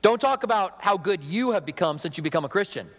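Speaking quickly to his congregation, a middle-aged pastor preaches in a slightly high voice that trails a long reverb through the hall. His sermon stays relaxed and conversational, with chatty asides and quotes he acts out.

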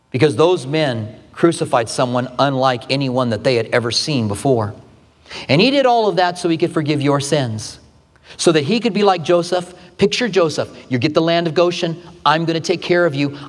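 Male pastor, dramatic sermon storytelling, slightly high voice, long hall reverb. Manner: dramatic retelling with acted quotes, shifting pitch widely.

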